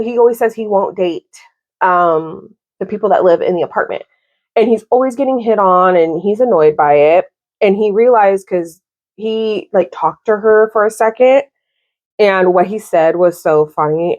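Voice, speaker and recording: A woman in her thirties giving a casual, exasperated book review, talking in an animated way with lots of "like". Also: fairly low pitch, dull audio. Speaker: book vlogger.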